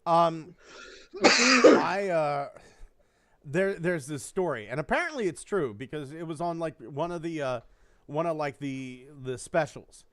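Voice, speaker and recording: A man's voice: fairly high pitch, animated, a little slow, fairly bright tone. A man hosting a podcast, rambling through a story with lots of swearing and acted-out quotes. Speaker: podcast host. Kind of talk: casual chat.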